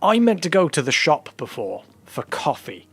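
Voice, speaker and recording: A young man streaming a horror game, chatting in a relaxed, rambling way and often saying "you know". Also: fairly high pitch, moderate pace, husky. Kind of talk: casual let's-play chat.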